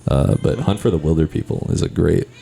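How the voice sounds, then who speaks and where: A man's voice: extremely low pitch, brisk, gravelly, warm tone, slight background noise. A man who is a stage actor, chatting as a podcast guest in a rambling, self-deprecating way. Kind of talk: casual podcast chat.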